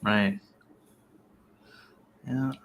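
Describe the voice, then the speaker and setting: Bright-voiced teasing man. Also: on the low side, fairly even intonation, very slow, vocal fry. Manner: chatty, teasing, laughs often. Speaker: panel guest. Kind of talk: casual panel chat.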